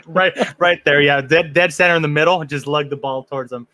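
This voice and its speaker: A man's voice: on the high side, steady tone, brisk, bright, forceful tone, dry recording. A man hosting a fan podcast, chatting loosely in a slightly raised voice, joking and trailing off into restarts. The sound is dry and close, with no room around him. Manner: jokey, rambling with restarts. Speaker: podcast host. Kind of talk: casual chat.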